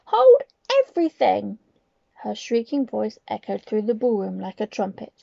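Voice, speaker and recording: A woman from Cornwall reading a children's book aloud with expressive storytelling. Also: medium pitch, moderate pace, gravelly, dry recording, highs cut off. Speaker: reader.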